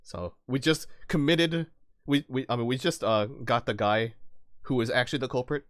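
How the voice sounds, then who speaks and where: A man's voice: mid-range voice, normal speed, no room sound, studio quality. A man streaming a video game live, chatting casually with viewers in a giggly, rambling way, often laughing and sometimes swearing.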